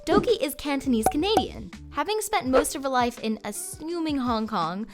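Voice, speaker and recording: A woman's voice: high-pitched, very animated, normal speed, over loud music. A woman hosting a voice-acting tutorial, explaining things in an upbeat, chatty way. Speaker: voice coach host.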